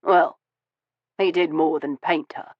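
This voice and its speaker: A man voicing a wounded, weary Victorian gentleman who speaks in a low, measured and bitter way in an audiobook. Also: fairly even intonation, dry recording. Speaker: audiobook voice of a male character. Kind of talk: audiobook dialogue reading. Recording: dull, dry studio audio.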